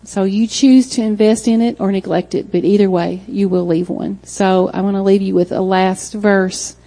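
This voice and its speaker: A middle-aged woman preaches in a mellow, dark-toned voice. She speaks earnestly and encouragingly, reading scripture aloud to the congregation. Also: mid-range voice, steady tone, moderate pace, poor audio. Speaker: church speaker. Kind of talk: closing sermon exhortation.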